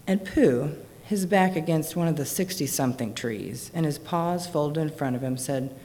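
Woman, storybook narration, low voice, very lively pitch, gentle, long reverb. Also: moderate pace. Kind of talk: storybook reading aloud.

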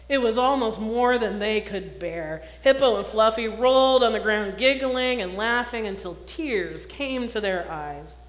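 A woman's voice: on the high side, unhurried, hardly any pauses. A woman minister reading a children's story aloud and giving announcements at a service. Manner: expressive storytelling, plain announcing. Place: church sanctuary. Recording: roomy hall, faint noise.

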